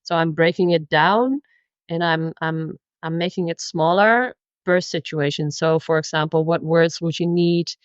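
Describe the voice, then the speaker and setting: A woman's voice: low voice, fairly even intonation, a little slow, dry recording, lo-fi sound. A woman from the Netherlands with a Dutch accent, a language teacher, eagerly explaining as a guest in a casual interview.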